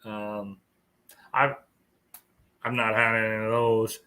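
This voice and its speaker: A man's voice: lowish voice, flat delivery, takes it slowly, bright, forceful tone, smooth. A tired man hosting a casual live stream chat, rambling and chuckling as he greets viewers. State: tired, yawning.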